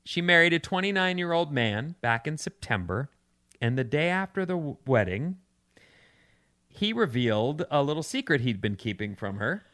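Guy cohosting a radio show, bright kinda sharp voice pitched a bit high, chatty about the news. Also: expressive, normal speed. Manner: chatty, reads out news stories. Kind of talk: casual chat.

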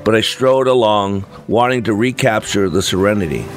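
A man's voice: lowish voice, normal speed, faint music behind. A man reading a first-person story aloud in a reflective, earnest manner. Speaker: narrator.

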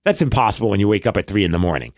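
A man's voice: on the low side, expressive, rapid-fire, no room sound, clean studio sound. A man from Brooklyn with a New York accent, co-hosting a podcast and telling a rambling story in casual chat, acting out what others said. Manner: rambling, restarts often, acts out quoted dialogue. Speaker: podcast co-host.

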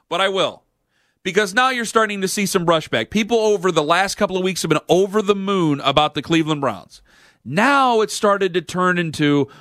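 A man's voice: sits high, fairly bright tone, no echo, clean studio sound. A man hosting a sports talk radio show, delivering a sarcastic, opinionated rant.

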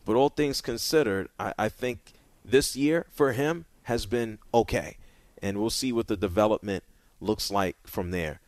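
A man's voice: on the low side, measured pace, dry recording. A man hosting a sports talk radio show in a casual, conversational way, often stammering and repeating words at a studio microphone.

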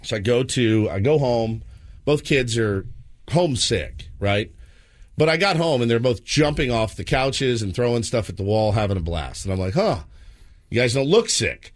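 A man in his thirties co-hosts a radio morning show, speaking at a normal pace in a mid-range voice. He tells an animated story full of acted-out voices.

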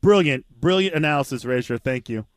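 A man's voice: on the high side, expressive, fairly quick, clear, resonant tone, no echo. A man co-hosting a sports talk radio show, asking rambling, joking questions in a studio. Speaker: radio co-host.

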